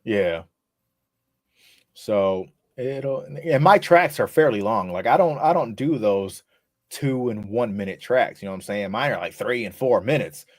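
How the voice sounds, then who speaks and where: A man with a fairly low, laid-back voice chats casually as a podcast guest. He is unhurried and easygoing, dropping the odd swear word. The sound is dry and close, with no room around it. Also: expressive, no echo. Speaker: rapper guest.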